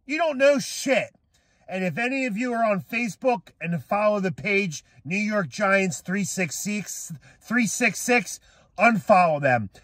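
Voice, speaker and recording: A young man ranting angrily as a sports fan, swearing and shouting at critics. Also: high voice, lively intonation, unhurried, dry recording. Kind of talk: profane rant to camera.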